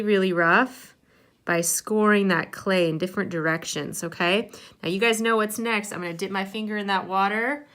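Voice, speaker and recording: A woman's voice: mid-range voice, a bit bright. A woman giving a hands-on clay tutorial, explaining each step patiently. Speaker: clay art teacher.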